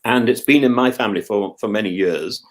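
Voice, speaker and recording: A man's voice: lowish voice, a little fast. A middle-aged man from England, co-hosting a casual chat, who keeps restarting and repeating words as he talks. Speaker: co-host.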